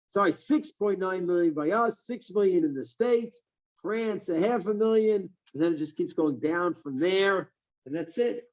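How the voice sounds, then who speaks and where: Man, rabbi, sermon, high voice, animated, dull lo-fi sound. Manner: animated, asks and answers his own questions.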